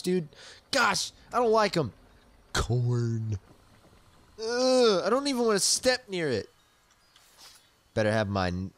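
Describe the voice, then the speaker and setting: Young man, let's play commentary, jumpy, shrieks when startled, unhurried, animated pitch. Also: no room sound. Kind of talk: casual gameplay commentary.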